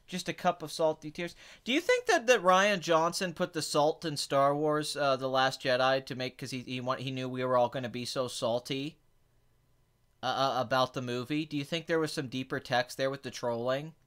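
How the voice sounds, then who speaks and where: A man's voice: mid-range voice, normal speed, smooth. A man hosting a podcast, chatting casually about movies in a blunt, sarcastic, opinionated way. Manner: blunt, opinionated, sarcastic, swings between flat and excited. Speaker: podcast host answering chat questions.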